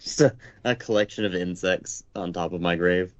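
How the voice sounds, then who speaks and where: A man's voice: sits low, moderate pace, highs cut off. A man co-hosting a podcast, throwing in crude joking asides during casual banter. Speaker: podcast co-host.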